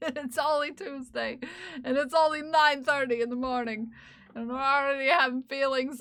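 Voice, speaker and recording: A woman's voice: high-pitched, fairly even intonation, unhurried, pauses often. A woman live streamer chatting casually with her viewers while knitting, playfully and teasingly scolding them in mock outrage. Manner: giggly and teasing.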